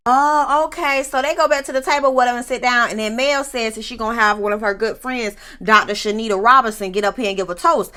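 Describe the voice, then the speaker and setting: A woman giving a sassy, animated, casual recap of a reality show, laughing often and talking straight to her viewers. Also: a little high, fast, hardly any pauses.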